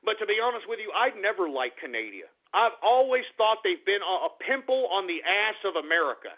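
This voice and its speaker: High-voiced ranting male radio host. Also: very animated, a little fast. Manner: ranting, profane, sarcastic, repeats himself. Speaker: radio talk show host. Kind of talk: angry talk radio monologue. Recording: tinny phone-like radio audio.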